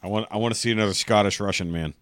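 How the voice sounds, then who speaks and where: Deep-voiced wry male co-host. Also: racing, fairly bright tone, smooth, no room sound. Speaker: podcast co-host. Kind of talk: casual podcast chat.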